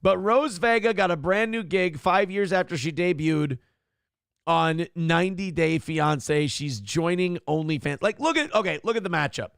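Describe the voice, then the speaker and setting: A man's voice: high voice, expressive, moderate pace, creaky, fairly bright tone, clean tone, no room sound, clean studio sound. A man hosting a live-streamed morning talk show, rambling and mocking in casual commentary and reading out donors' messages. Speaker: livestream show host.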